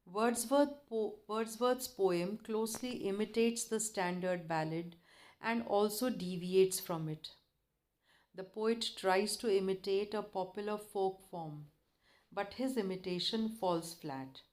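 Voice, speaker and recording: A woman college lecturer, reading lecture notes aloud to students in a measured, deliberate way with occasional self-corrections. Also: mid-range voice.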